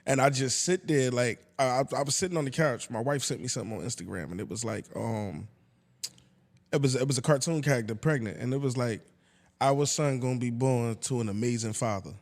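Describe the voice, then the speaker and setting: A man's voice: medium pitch, a little fast. A man chatting on a podcast, stammering and repeating himself as he tells a heartfelt story. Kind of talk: casual podcast chat. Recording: long reverb of a large room.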